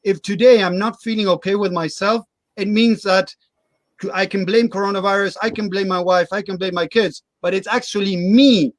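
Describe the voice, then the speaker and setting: A man's voice: sits high, no echo. A middle-aged man, a guest coach in a casual interview, explaining his views earnestly with everyday examples.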